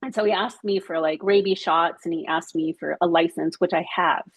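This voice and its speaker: A woman telling a casual anecdote to her study group, animated and chatty, laughing often and acting out what people said. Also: on the low side, a little fast, breathy edge, no echo. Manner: animated, chatty storytelling with frequent laughs and acted-out quotes.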